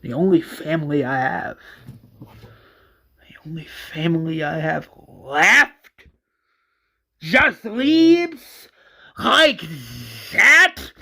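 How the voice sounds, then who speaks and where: A man voicing an angry, grieving adult brother who yells and stammers. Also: high voice, animated, drawn-out words, pauses often, heavily acted. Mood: grieving anger. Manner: yelling, stammering, bitter.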